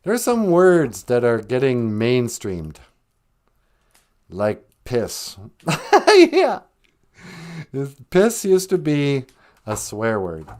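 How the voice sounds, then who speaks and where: A man hosting a podcast, telling jokes and stories in a dry, deadpan way. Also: medium pitch, drawn-out words, long pauses. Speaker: podcast host and storyteller. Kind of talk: comedic banter.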